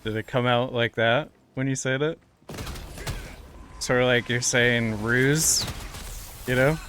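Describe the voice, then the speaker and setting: A man's voice: mid-range voice, steady tone, unhurried, fairly bright tone, slight background noise. A male streamer chatting casually with his live chat, playfully quizzing viewers on how they pronounce words. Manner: playful, teasing questions about pronunciation.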